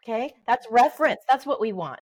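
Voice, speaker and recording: A middle-aged woman giving parenting advice in a podcast interview, lively and acting out little exchanges with babies. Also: fairly high pitch, brisk, husky. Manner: animated, acts out parent-baby talk. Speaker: guest, early development expert.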